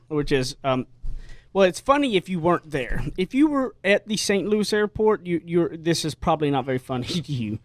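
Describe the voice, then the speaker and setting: A man's voice: fairly high pitch, animated, brisk, no room sound. A man hosting a casual radio talk show, telling stories with lots of energy and frequent restarts. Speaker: host.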